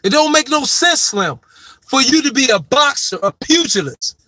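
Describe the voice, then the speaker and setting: This sports commentator, a man with a very high voice and big pitch swings, gives an emphatic, profane monologue of opinion, lecturing his subject and hammering his point by heavily repeating it. He talks at normal speed with a sharp tone, and there's no room sound.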